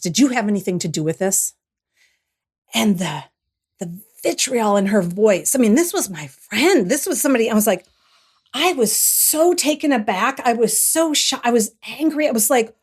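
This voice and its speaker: A woman's voice: on the high side, moderate pace. Middle-aged lady guest telling her story, thoughtful, lots of restarts. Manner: reflective, animated when retelling, frequent restarts. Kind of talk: podcast interview, personal storytelling.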